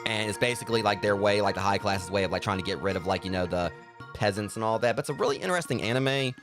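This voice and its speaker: A man's voice: lowish voice, quick pace, music in the background. A man giving casual gameplay commentary as a let's play host, rambling with lots of fillers.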